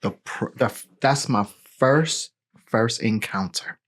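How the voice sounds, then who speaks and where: A man in his forties, a pastor, telling his personal testimony in a lively storytelling way, full of "you know" and "right?". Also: medium pitch, slow. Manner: animated storytelling with filler words.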